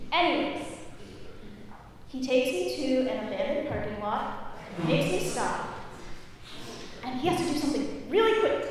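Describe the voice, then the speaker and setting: A young woman from Maryland performing a stand-up comedy set, telling her story with animated delivery and loud acted-out quotes. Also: sits high, far from the mic. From Maryland, USA. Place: comedy stage in a hall. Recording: echoey hall, mic heard from afar, faint room noise.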